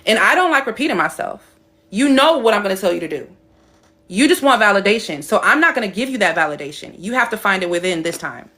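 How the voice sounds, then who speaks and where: A woman's voice: medium pitch, sing-song, quick pace, bright, forceful tone. A young woman hosting a casual live-stream Q&A as a spiritual coach, talking bluntly and chatting with a laugh.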